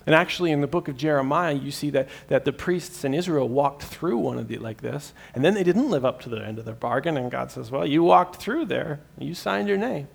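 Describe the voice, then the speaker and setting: A man preaching a sermon as pastor, earnest, swinging from emphatic peaks to hushed, slow lines, often repeating a word as he restarts. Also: medium pitch, gravelly. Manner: repeats words as he restarts sentences.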